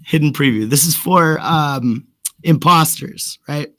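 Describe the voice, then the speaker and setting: A man's voice: a little high, a little slow, bright, forceful tone. A sick man with a cough, co-hosting a casual stream chat as a rapper, joking and mocking himself. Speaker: co-host and rapper.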